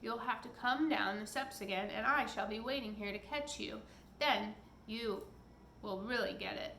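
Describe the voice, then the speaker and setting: A woman voicing a huge, bad-tempered male giant who shouts and blusters, in an echoey room. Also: fairly high pitch, normal speed, a little hiss or hum. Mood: mocking.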